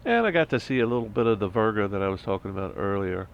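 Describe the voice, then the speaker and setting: Camped in the mountains, a man vlogging about motorcycles chats casually and bluntly, rambling and complaining about fellow campers. His lowish voice is quick and lively with a clean tone, though the highs are cut off and faint outdoor background noise can be heard.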